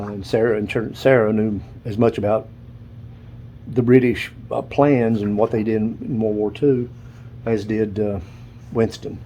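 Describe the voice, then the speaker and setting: A man's voice: medium pitch, dark tone, slight background noise, low-quality recording. An older man, casually showing photos and books, rambling and stopping to recall names. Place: dark room at home.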